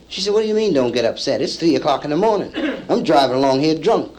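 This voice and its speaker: A male stand-up comedian telling a story to a live audience, acting out the people in it with lively punchlines, from an old vinyl comedy album. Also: on the high side, quick pace, noisy background. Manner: acts out characters in the story, lively punchline delivery. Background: audience laughter.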